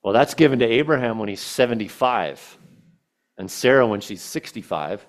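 A man's voice: mid-range voice, lively intonation, moderate pace. A man preaching a sermon, retelling a scripture story with casual asides and quoted verses.

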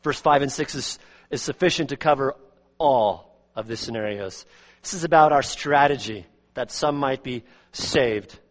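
A man preaching an expository sermon as pastor, earnest, repeating words and swinging from loud emphasis to quiet asides. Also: mid-range voice, normal speed, long reverb tail. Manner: earnest, repeats words, rises and drops sharply in volume.

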